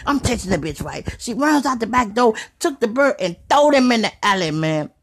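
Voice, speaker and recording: A woman with a Chicago accent telling a profane comic story, animated and swearing. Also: on the high side, moderate pace. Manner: animated, swearing, asks "you hear me". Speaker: comedic storyteller.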